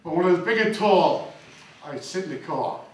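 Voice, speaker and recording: A man's voice: fairly high pitch, animated, normal speed, darkish tone, slight background noise. A man doing crude, punchy stand-up comedy on a club stage. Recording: echoey club from far off. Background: audience laughing.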